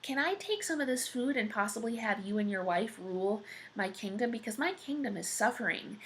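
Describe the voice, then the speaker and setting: A woman voicing a crude, foul-mouthed young male peasant hero in a spoken story parody, blunt and swearing constantly. Her voice has a gravelly fry. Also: a little high, animated, brisk, a bit bright, slight background noise, voice pushed up. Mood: brash.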